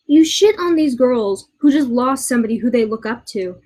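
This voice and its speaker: A female vlogger in her twenties rants in a commentary video from her boyfriend's house, exasperated and swearing often. Her voice is on the high side, expressive, and darkish in tone, and she stumbles through many restarts on a rough recording.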